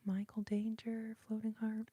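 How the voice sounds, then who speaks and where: Soft, breathy, half-whispering woman host. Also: on the high side, monotone, measured pace, dry recording. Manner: half-whispered, gentle, laughs easily. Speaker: ASMR and singing live-stream host. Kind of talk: soft-spoken live-stream chat reading viewer comments. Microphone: sensitive studio microphone.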